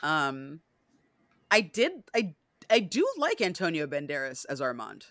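Bright-voiced woman, animated podcast chat. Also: low-pitched, unhurried, no room sound, studio quality. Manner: animated, many fillers, acts out scenes. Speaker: podcast host.

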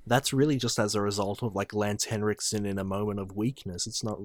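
A man co-hosting a casual film review chat, speaking in a measured, thoughtful way. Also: lowish voice, steady tone. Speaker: film podcast co-host.

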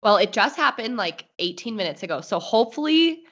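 A woman co-hosting a podcast in casual chat, upbeat and talking straight to listeners, her voice a little hoarse from illness. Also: on the high side, sing-song, a little fast, a bit bright. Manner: upbeat, addresses listeners directly. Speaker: podcast co-host. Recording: dull, lo-fi sound.

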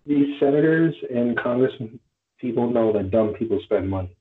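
A man's voice: medium pitch, animated, moderate pace. Blunt-talking man on a tinny line. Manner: blunt, teasing, opinionated. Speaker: co-host. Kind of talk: casual podcast banter.

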